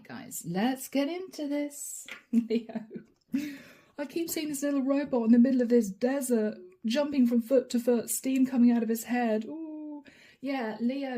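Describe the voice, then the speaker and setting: A woman's voice: a little high, dark tone. Chatty woman giving a tarot reading. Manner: chatty, addresses viewers directly, laughs often. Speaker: tarot reader.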